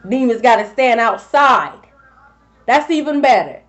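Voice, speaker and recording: High-voiced, blunt tarot reader, woman. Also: measured pace. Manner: blunt, profane and animated, talking straight to viewers. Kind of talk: casual tarot reading for viewers. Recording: slightly dull lo-fi sound.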